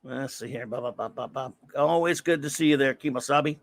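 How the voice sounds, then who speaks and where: A man's voice: mid-range voice, big pitch swings, a little fast, few pauses, dry recording. A man hosting a casual livestream, rambling and greeting viewers by name as he reads the chat. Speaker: livestream host. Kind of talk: casual live-stream chat, reading chat aloud.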